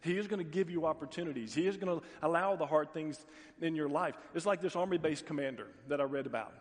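A middle-aged man preaching a sermon as pastor, telling stories with folksy asides and animated voices for the people in them. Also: on the high side. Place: church sanctuary. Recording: long reverb of a large hall.

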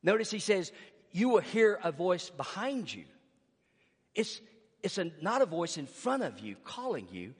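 A man preaching a sermon, swinging between hushed, intimate passages and shouted emphasis. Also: sits high, very animated, unhurried, breathy edge. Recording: long hall reverb.

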